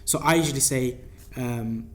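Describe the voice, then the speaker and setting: A man's voice: mid-range voice, moderate pace. A young man with a British accent, a doctor co-hosting a podcast, telling a work story in casual, slangy chat. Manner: lively anecdote telling, slangy.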